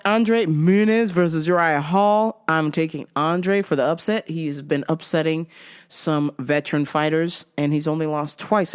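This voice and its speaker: A woman hosting a vlog, giving casual, profane, giggly commentary full of slang. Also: low-pitched. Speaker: vlog host.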